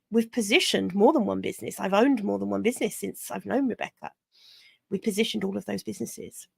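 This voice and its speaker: A woman's voice: mid-range voice, creaky, no room sound. A woman, a business coach chatting casually on a podcast, often correcting herself and laughing easily.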